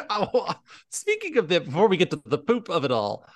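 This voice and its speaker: A man's voice: sits high, normal speed, no room sound. A man co-hosting a podcast in casual chat, telling stories and acting out other people's lines in quoted voices. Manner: animated storyteller, acts out quoted voices. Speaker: podcast co-host.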